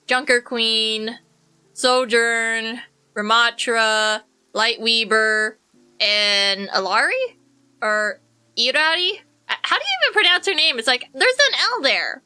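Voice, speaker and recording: A woman's voice: on the high side, sharp tone, clean tone. A young woman streaming a game, chatting in a rambling, jokey way and answering her chat. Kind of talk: casual gameplay commentary.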